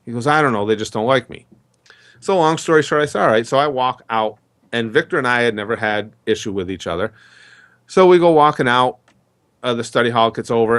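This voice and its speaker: A man's voice: medium pitch, a bit bright, clean tone. Middle-aged guy rambling thru a story, does little voices for the people in it, easygoing. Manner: chatty, rambling storyteller who acts out dialogue. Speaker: interview guest. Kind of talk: storytelling in a casual interview.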